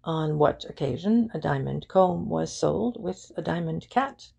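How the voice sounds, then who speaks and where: A woman's voice: deep voice, animated, a little slow, dark tone, heavily acted. A woman voicing an obliging male jeweller who speaks in a businesslike way. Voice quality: gravelly, husky. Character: helpful male Parisian jeweller, shopkeeper.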